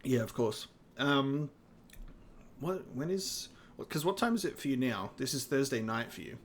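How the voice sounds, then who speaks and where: A man's voice: medium pitch, animated, measured pace, a little hiss or hum. A man with an Australian accent chatting casually while streaming a co-op game, laid-back and rambling with fillers. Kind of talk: casual co-op gaming chat.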